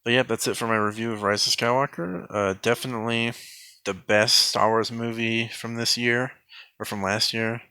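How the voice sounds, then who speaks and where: A man giving a sarcastic mock film review in a deadpan, rambling way, full of fillers and restarts. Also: mid-range voice, moderate pace, clean tone, no room sound.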